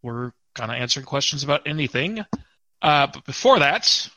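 A man with a bright, forward voice hosts a podcast and chats casually. He is quick to poke fun at himself, and his close mic gives a dry sound with no room echo. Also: mid-range voice, animated. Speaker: podcast host.

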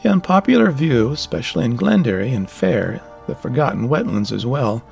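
Male reader doing a gravelly, condescending old recluse for a storybook, sly and mocking. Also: mid-range voice, expressive, normal speed, a little mellow, soft background music. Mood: taunting. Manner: taunting, condescending.

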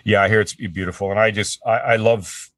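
A man with a very low, deep voice talks as a guest on an interview. He rambles happily, restarts his sentences often and laughs easily. The sound is dry and close, with no room around it. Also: fairly even intonation, fairly quick, a bit bright, dry recording. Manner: chatty, laughing, frequent restarts. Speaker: voice actor guest. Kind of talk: casual interview chat.

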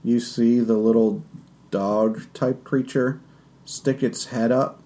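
Dark-voiced man running a tabletop game. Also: mid-range voice. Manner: relaxed, loose descriptions with fillers and quick asides. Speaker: game master.

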